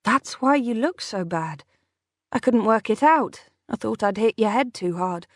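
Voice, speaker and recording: A woman's voice: a little high, lively intonation, unhurried, no room sound, studio quality. A woman reading an audiobook, voicing a defiant young woman who holds someone captive and speaks with scornful defiance. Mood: matter-of-fact. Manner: scornful and defiant, hissing when angry.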